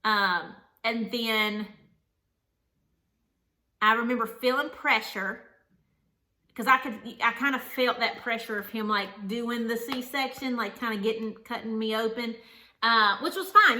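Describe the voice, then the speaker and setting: Bright-voiced young woman telling her story. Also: fairly high pitch. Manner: earnest, rambling, many "like" fillers. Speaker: vlogger, new mother. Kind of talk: candid personal storytelling.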